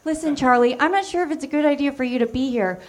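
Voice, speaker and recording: A woman's voice: high voice, quick pace, pitched above the performer's own voice, lightly acted. A woman doing a chirpy cartoon girl. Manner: breezy, chirpy.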